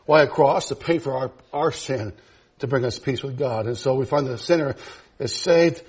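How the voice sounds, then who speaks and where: A pastor preaching a sermon to his church, moving from low, quiet passages to loud, high, laughing emphasis. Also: normal speed, slightly rough.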